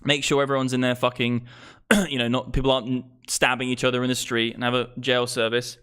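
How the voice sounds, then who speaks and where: A man's voice: mid-range voice, flat delivery, brisk, a bit bright, smooth. A young man ranting about politics on his livestream, swearing freely and getting worked up into a microphone. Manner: profane, fired-up political rant. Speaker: crypto livestream host. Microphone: streaming microphone.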